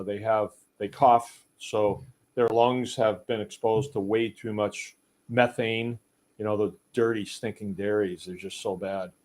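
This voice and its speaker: A middle-aged man hosting a casual chat, rambling in a folksy way and reading viewer comments aloud. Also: medium pitch. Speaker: podcast host. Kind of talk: casual live-stream chat.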